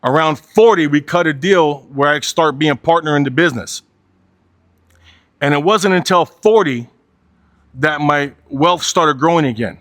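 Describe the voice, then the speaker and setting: A man's voice: a little high, moderate pace, a bit bright, dry recording, clean studio sound. A man in his forties giving a candid motivational talk, blunt and profane, driving his points home with repetition and a habitual "right?". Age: 40s. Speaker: motivational speaker.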